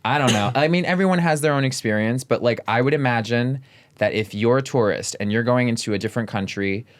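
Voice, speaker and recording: A man as a podcast guest in casual chat, animated and emphatic, with "like" in nearly every phrase. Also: mid-range voice, fairly quick. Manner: chatty storytelling, fills nearly every phrase with "like".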